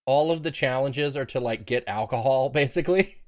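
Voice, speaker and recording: A man co-hosting a casual podcast chat, dropping wry, deadpan asides. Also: mid-range voice, fairly quick.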